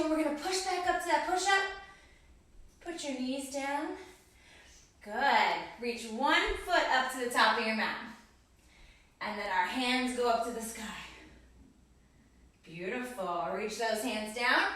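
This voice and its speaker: A woman's voice: high voice, bright, forceful tone. A woman guiding a children's yoga class, encouraging and cueing each breath and pose. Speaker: kids yoga instructor. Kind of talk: guided kids yoga class. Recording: echoey room, voice from a distance.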